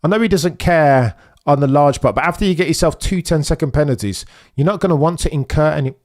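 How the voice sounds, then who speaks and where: A man streaming a live race watch-along, commenting excitedly and pleading with the drivers, dropping to low mutters and jumping to high, urgent bursts. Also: quick pace.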